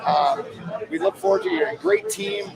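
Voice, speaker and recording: Man, podcast host in a bar, rough-edged high voice, lively and profane, crowd noise. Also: a little slow, low-quality recording. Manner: energetic and profane. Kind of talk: casual chat. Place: busy hotel bar. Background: crowd chatter.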